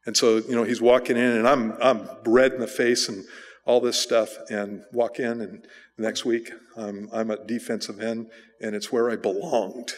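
A male pastor preaching, telling a personal story in a relaxed, conversational way with fillers and restarts. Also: medium pitch, moderate pace. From United States. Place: church sanctuary. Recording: church sanctuary reverb.

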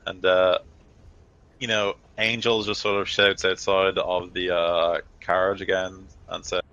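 A man's voice: deep voice, little pitch movement, measured pace, fairly bright tone, clean tone, dry recording. A man narrating as game master of a tabletop game, in a loose, filler-heavy manner, on a dull lo-fi recording.

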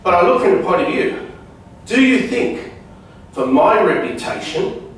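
A man with a fairly high voice talks loosely to a live audience, throwing questions at them as he goes. His voice reaches a distant mic and rings through a very reverberant room, with a faint hiss behind it. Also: sing-song, measured pace. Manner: chatty, quizzes the audience with questions. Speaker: guest speaker at a club meeting. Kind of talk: informal seminar talk to a live audience. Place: meeting room at a club.

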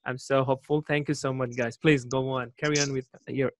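A man's voice: medium pitch, flat delivery, a little fast, dry recording. A man speaking as an in a casual online group chat, earnest and thoughtful, with frequent hesitations. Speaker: chat participant. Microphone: computer microphone on a video call.

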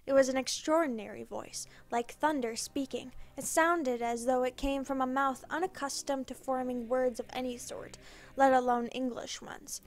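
A woman narrating a scripted story in a measured, dramatic reading. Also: high voice, fairly even intonation.

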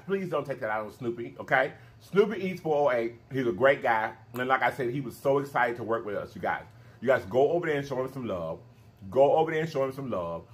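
A man hosting a mukbang vlog, talking straight to his viewers in an animated, emphatic way and repeating his phrases for effect. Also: medium pitch. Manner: emphatic, preachy encouragement. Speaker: mukbang channel host. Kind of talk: casual vlog sign-off talk.

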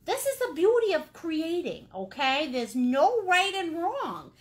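A woman's voice: very high voice, sing-song, measured pace. A woman leading a live painting class, bubbly and playful, greeting viewers with pet names. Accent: Maine. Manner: bubbly, playful, chatty with endearments. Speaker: painting instructor.

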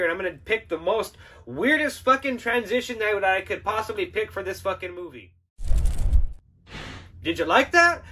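A man's voice: high-pitched, pushed and bright, a little hiss or hum. A man hosting a podcast, giving a casual, profane and sarcastic film review with frequent laughter. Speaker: podcast host.

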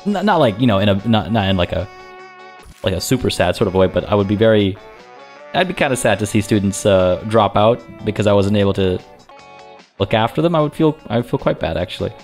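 A man's voice: lowish voice, expressive, fairly quick, darkish tone, faint music behind. A man hosting a let's play, chatting and thinking aloud as he plays, often poking fun at himself. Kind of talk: game commentary.

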